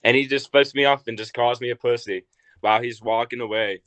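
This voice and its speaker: Young man from Arkansas, bright voice, dry close sound, animated storyteller, casual guest. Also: a little fast, no echo. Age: young adult. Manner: animated storyteller, acts out quotes with big pitch jumps. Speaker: wrestler guest.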